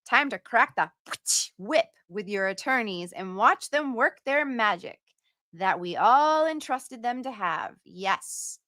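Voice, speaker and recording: A woman hosts a casual livestream, reading out donor messages in a chatty, playful way and sometimes putting on an accent. Her voice is high, expressive, sharp, and slow, recorded with studio quality and no echo.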